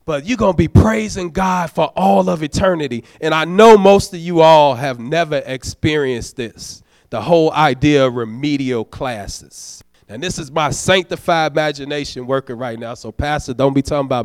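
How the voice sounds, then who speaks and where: Deacon giving a sermon: man with a fairly high voice, dry close sound, exhorting the congregation with folksy asides. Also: normal speed, few pauses, no room sound. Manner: exhorting, prods the congregation for amens. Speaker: deacon preaching.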